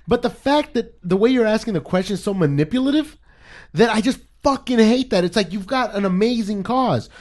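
A man ranting in casual podcast chat, his voice high and lively, with sharp swings in pitch. He swears freely and sounds irritated. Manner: ranting, profane, annoyed. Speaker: podcast co-host.

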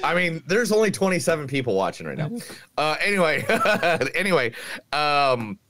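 A male podcast host chatting casually about movies. He jokes, laughs often and swears freely, and his voice sits a bit high with lively swings in pitch. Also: moderate pace. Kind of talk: casual chat.

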